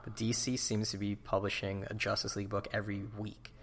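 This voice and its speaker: A man's voice: on the low side, level tone, brisk, fairly bright tone, slight background noise. A man co-hosting a podcast in casual chat, opinionated and ranting about what annoys him. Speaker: podcast co-host.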